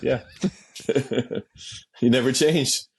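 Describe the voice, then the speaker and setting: A man with a husky, slightly breathy voice tells a story as an interview guest. He acts out every quote, jumping up in pitch for them, and swears and laughs freely along the way. His pitch sits in an ordinary middle range. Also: drawn-out words. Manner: animated, acts out quotes with sudden pitch jumps. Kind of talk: casual storytelling.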